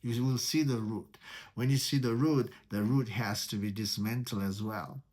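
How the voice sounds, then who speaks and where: He has a mid-range voice with a darkish tone and is teaching meditation in a spiritual talk. Each word is deliberate, certain words recur, and he asks rhetorical questions.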